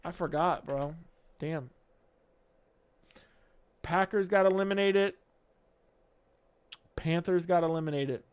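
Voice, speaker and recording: A man's voice: fairly high pitch, slow pace, pauses often, clean tone, dull audio. Brash, profane man on a livestream. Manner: brash, profane, rants at viewers; reads viewer comments aloud. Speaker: livestream host. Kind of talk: casual live stream chat.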